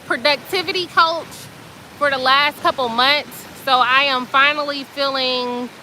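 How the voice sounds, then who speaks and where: Brief: woman host, high-pitched and colloquial, animated storytelling with fillers. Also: measured pace, slight background noise, rough recording. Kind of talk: casual chatty storytelling.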